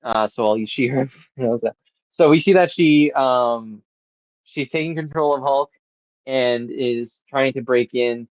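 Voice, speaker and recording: A man's voice: mid-range voice, measured pace, no echo, dull audio. A man hosting a podcast, reviewing a movie in casual chat, rambling with lots of fillers and swearing. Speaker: podcast host.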